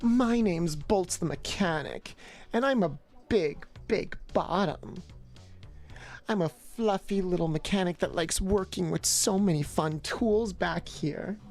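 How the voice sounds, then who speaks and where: A woman doing a low, sultry mommy-voice mechanic. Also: slow pace, darkish tone, faint music behind. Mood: sultry teasing. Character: sultry, husky-voiced female mechanic, eager to please. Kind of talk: mock-seductive "mommy voice" bit.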